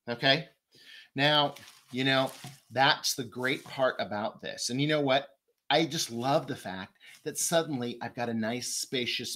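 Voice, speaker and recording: Chatty man demonstrating flower arranging. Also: mid-range voice. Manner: enthusiastic, chatty, lively. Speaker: floral designer host. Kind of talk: casual how-to demonstration.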